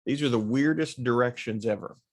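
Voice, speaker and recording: A man's voice: medium pitch, a little fast, a little mellow. A man teaching from the Bible in a casual, conversational way, asking rhetorical questions and acting out what people say. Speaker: preacher and teacher.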